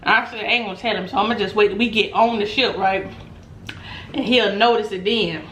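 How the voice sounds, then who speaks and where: Animated woman telling a story, roomy echo. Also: medium pitch, a little fast. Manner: animated, laughs often, acts out quotes. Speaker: mukbang vlogger. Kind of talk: casual storytelling chat. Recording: roomy echo, faint background noise.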